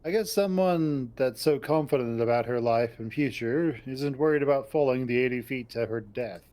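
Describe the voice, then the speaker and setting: Calm dry-joking man. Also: mid-range voice, normal speed. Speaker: co-host reading a visual novel. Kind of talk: casual chat and narration reading. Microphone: online voice call.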